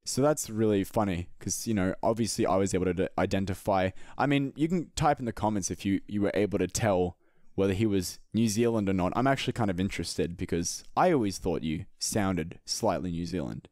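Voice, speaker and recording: A man's voice: deep voice, animated, fairly quick, few pauses, darkish tone, dry recording, clean studio sound. A young man with a light Australian accent, hosting a casual interview in a chatty, swearing, self-deprecating way. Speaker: interview host.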